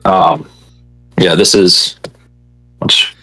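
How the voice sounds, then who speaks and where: A man's voice: low-pitched, little pitch movement, very slow, bright, forceful tone, soft background music, poor audio. A young man, a podcast guest, chatting casually with a rambling, hesitant manner full of fillers. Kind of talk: casual chat.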